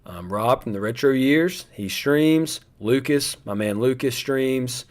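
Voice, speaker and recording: A man's voice: mid-range voice, lively intonation, slow pace. A young adult man, hosting a live stream in casual, rambling chat aimed straight at his viewers.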